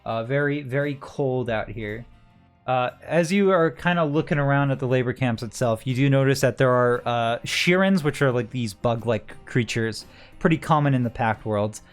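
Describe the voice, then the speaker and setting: A man narrating a tabletop game as game master, in a relaxed way with many "uh" fillers. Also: medium pitch, normal speed, smooth, faint music behind.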